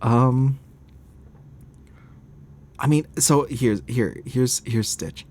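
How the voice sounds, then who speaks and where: A man's voice: medium pitch, drawn-out words, a little mellow. A man streaming a game, chatting casually, laughing often and grumbling about the game.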